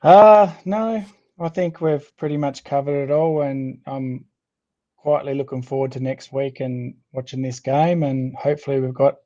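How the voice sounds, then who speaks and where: An Australian man co-hosting a casual sports podcast, jokey and laughing often, with relaxed slang. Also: medium pitch, normal speed. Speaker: podcast co-host. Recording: slightly dull lo-fi sound.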